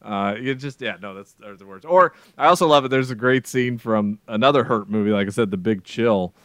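Rambling animated man, dry close mic. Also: lowish voice, brisk, no echo. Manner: rambling, animated, many restarts. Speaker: podcast co-host. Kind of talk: casual film chat.

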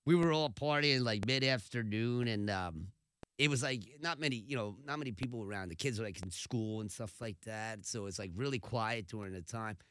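A man telling stories in a casual chat, animated and laughing, acting out quotes along the way. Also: lowish voice, normal speed, smooth. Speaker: radio host and podcast guest.

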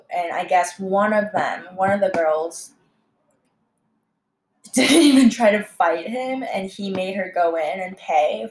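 Heated, profane young woman in an echoey room. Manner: heated, profane, lots of fillers, swings of pitch. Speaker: restaurant server telling a story. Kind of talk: casual storytime monologue.

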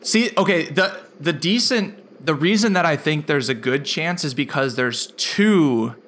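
A man with a bright, slightly high voice talks chattily on a podcast, often teasing his co-host and laughing. A faint noise sits under his voice. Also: lively intonation, measured pace. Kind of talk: casual chat.

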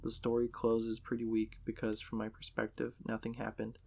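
Low creaky-voiced man telling a horror story. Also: monotone, moderate pace, darkish tone. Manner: casual, profane storytelling.

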